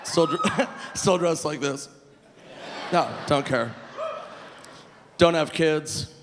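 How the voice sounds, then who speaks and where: A man in his forties from Minnesota doing a live stand-up set, animated and self-mocking, often breaking into laughter. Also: a little high, slow pace. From Minnesota, USA. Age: 40s. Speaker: stand-up comedian. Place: live theater stage. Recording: reverberant live venue, faint room noise.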